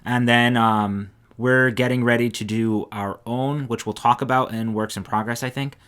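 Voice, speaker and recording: A man co-hosting a knitting podcast, relaxed and chatty, often trailing off and restarting. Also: mid-range voice, normal speed, clear, resonant tone. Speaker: podcast co-host. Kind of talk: casual chat.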